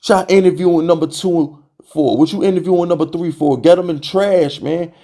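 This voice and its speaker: A young man hosting a sports fan channel, ranting to camera in an exasperated, animated way, full of rhetorical questions and repeated jabs. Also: a little high, brisk. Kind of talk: heated fan rant to camera.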